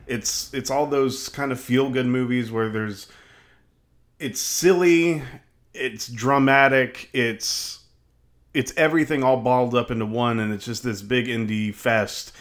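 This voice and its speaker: Man, mid-pitched voice, casual film chat, hedging, lots of fillers. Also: steady tone, unhurried, a bit bright. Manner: hedging, frequent "like" and restarts. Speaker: film podcast co-host.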